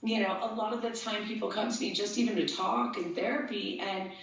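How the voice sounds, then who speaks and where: A woman's voice: medium pitch, fairly even intonation, brisk, vocal fry. An earnest woman who rambles as she explains herself to an interviewer. Her voice sounds far from the mic in a very echoey space. The sound is dull and lo-fi. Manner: earnest, rambling, gets emotional. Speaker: guest, empath and tattoo artist. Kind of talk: casual interview talk.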